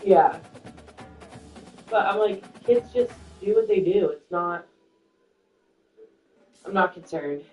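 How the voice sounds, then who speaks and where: A woman's voice: mid-range voice, wildly swooping pitch, slow pace, pauses often, faint music behind. A woman in a casual gaming chat who swears freely and laughs often while she talks. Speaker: gamer chatting on voice chat. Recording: roomy, distant, dull lo-fi mic.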